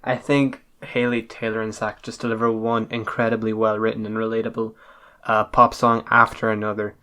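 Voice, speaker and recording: A man's voice: lowish voice, monotone, moderate pace, pushed and bright, clean tone. A man co-hosting a casual podcast chat, gushing and swearing freely. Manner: enthusiastic, swears a lot. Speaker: podcast co-host.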